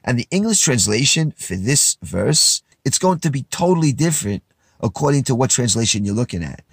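A man teaching a verse-by-verse Bible lesson, reading lines and retelling them in casual, lively words. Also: medium pitch, fairly quick, husky, dry recording, clean studio sound. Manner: animated, paraphrases verses in casual speech.

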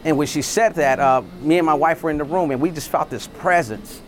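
A man recounts a deeply personal story with earnest feeling. His voice sits slightly above the usual male pitch. He stammers and doubles back on his words, with a faint steady hum behind him. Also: a little fast. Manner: stammering, repeats words often; earnest and heartfelt. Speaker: guest sharing a faith testimony. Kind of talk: emotional storytelling.

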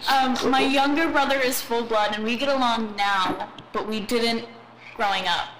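A woman's voice: on the high side, steady tone, normal speed. A woman in her twenties on a casual podcast, hesitant with lots of ums and giggles. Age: 20s. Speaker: podcast co-host. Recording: noisy home recording.

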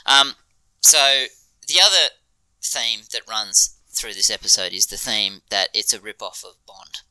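A man's voice: lowish voice, lively intonation, unhurried, sharp tone, smooth, dry recording, low-quality recording. A man co-hosting a podcast, chatting enthusiastically about a TV episode, with frequent ums and laughter. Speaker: podcast co-host. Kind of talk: casual chat reviewing a TV episode.

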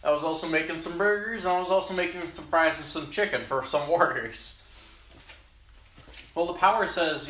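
A man's voice: on the high side, moderate pace, fairly bright tone. A young man chatting as a guest, telling his story in lists with fillers. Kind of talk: casual chat. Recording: roomy, distant mic with clear background noise.

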